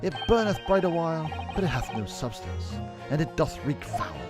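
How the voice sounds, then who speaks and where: A man's voice: on the high side, sing-song, moderate pace, music in the background, voice pushed up. A man voicing a theatrical male witness who speaks in archaic, declamatory phrases. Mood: declaiming.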